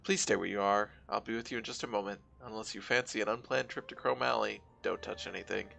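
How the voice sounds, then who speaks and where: A man reading the lines of a cultured, courteous drone engineer in a calm, formal way. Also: lowish voice, vocal fry, heavily acted. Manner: polite, measured, formal phrasing.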